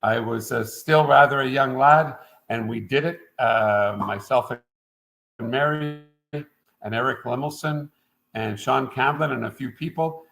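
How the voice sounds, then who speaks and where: A man's voice: mid-range voice, unhurried, creaky, a bit bright, poor audio. A middle-aged man from Quebec, a winemaker guest telling stories in a casual interview, rambling along with plenty of "uh" fillers. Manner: rambling and anecdotal, frequent "uh" fillers.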